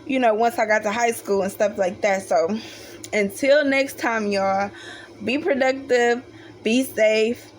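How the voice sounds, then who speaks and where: A woman's voice: fairly high pitch, measured pace, a little hiss or hum. A young woman telling a childhood story in a casual, profane storytime style, acting out the voices of her family. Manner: animated, profane, acts out the voices of family members.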